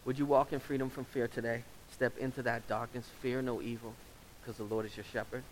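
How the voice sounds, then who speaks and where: A man's voice: mid-range voice, flat delivery, a little fast, low-quality recording. Guy preaching in church, earnest and pleading, kinda emotional, mid voice, bit of hiss. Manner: earnest, pleading altar call. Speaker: pastor. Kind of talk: sermon.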